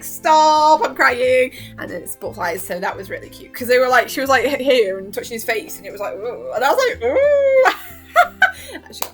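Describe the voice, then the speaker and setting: Giggly girl gushing over a show, bright slightly high voice, faint music underneath. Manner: giggly, gushing, acts out scenes in quoted voices. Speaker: YouTuber reviewing a TV series. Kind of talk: excited casual chat.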